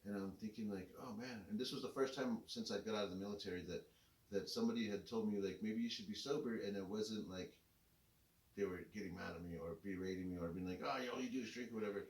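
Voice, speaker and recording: A middle-aged man telling a rambling personal story in a relaxed, casual way. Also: on the low side, quick pace, recorded from a distance. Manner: laid-back, rambling with many fillers. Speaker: co-host telling his story. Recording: echoey room, voice a bit off-mic.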